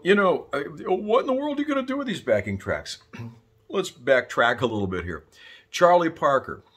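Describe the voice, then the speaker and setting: Husky, lively-voiced man teaching sax. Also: on the low side. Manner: chatty, rambling, keeps clearing his throat. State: congested, clearing his throat. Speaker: saxophone teacher. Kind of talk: casual video lesson.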